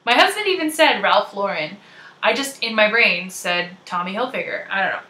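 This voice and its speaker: A woman's voice: mid-range voice, animated, moderate pace, sharp tone, echoey room. A young Canadian woman hosting a podcast, chatting casually in a bubbly, giggly way. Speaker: podcast host. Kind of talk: casual chat.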